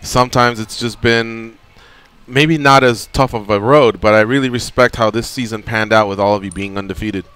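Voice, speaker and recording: A man hosts a radio show in a casual, joking way. His voice is smooth and resonant, and the studio sound is dry. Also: lowish voice, fairly even intonation, normal speed, a bit bright, dry recording. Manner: joking, conversational. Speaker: radio host.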